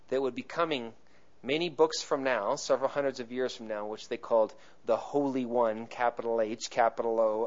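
A man preaching a sermon as pastor in a conversational way, swelling into emphasis on key points. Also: medium pitch. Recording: muffled lo-fi recording.

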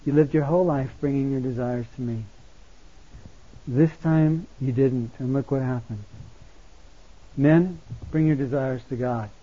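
A male pastor preaching a sermon, impassioned, swinging between loud exhortation and quiet intimacy. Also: mid-range voice, measured pace, pauses often. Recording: tinny phone-like sound.

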